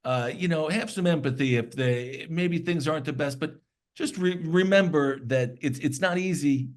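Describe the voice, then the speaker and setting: A man's voice: on the high side, moderate pace. A man guesting on a podcast, chatting in an easygoing, self-deprecating, joking way. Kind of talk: casual chat.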